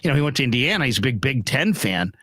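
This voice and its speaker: Rambling animated sports-talk host, man. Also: mid-range voice, quick pace, no echo. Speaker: radio show host.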